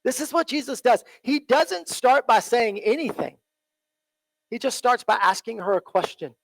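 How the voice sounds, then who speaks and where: A man with a high-pitched voice preaches a sermon in earnest, circling back to the same phrases. He often checks in with "right?" and goes quiet and low for quoted lines. The sound is dry and close. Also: expressive, moderate pace, creaky, no echo, low-quality recording. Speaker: pastor. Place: church.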